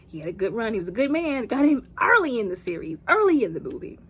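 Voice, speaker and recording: A woman's voice: on the high side, sing-song, quick pace, fairly bright tone, slightly rough. A woman giving a comedic movie recap, dramatic and sassy, with playful asides. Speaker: movie reviewer.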